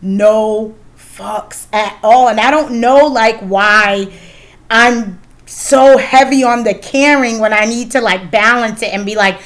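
A woman's voice: on the high side, slow pace, fairly bright tone. A woman in her thirties hosting a casual chat, candid and swearing freely, with lots of fillers. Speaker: podcast host.

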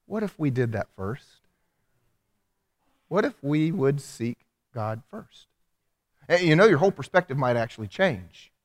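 A man preaching a sermon in a church, animated and humorous, acting out the voices of the people he quotes. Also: mid-range voice. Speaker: pastor. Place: church hall. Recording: long hall reverb.

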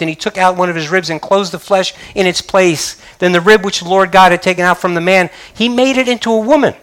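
A man's voice: high-pitched, fairly bright tone. An older man preaching a sermon as pastor, emphatic, with frequent hallelujahs. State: choked up.

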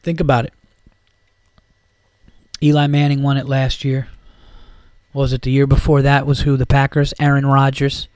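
A man's voice: medium pitch, completely flat delivery, normal speed, pauses often, a little mellow, clear, resonant tone, no room sound. A man hosting a podcast, ranting about football in a heated, profane, rambling way. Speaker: podcast host. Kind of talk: casual sports rant.

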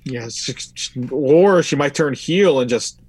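A man's voice: medium pitch, expressive, measured pace, a little mellow, slightly rough. A man hosting a casual podcast chat, rambling loosely through his notes and swearing now and then. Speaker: podcast host. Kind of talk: casual wrestling recap chat.

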